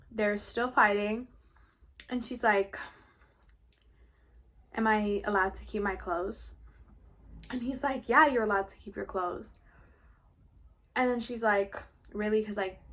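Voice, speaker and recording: A woman's voice: on the high side, a bit bright. A young woman in her late teens from New York, casually retelling a story for her vlog in a chatty, gossipy way with playful swearing. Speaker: vlogger. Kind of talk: casual story recap during a mukbang.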